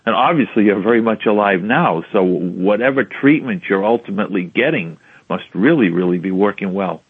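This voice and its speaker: A man's voice: lowish voice, animated, moderate pace, slightly rough, dry recording. A man hosting a radio interview, asking polite follow-up questions. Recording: tinny phone-like radio audio.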